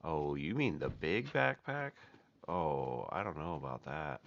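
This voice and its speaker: A gaming streamer chats casually with his viewers while playing a survival game, giving relaxed live commentary. His bass voice is creaky, expressive, and unhurried, with a fairly bright tone. The lo-fi mic sounds dull and carries faint noise.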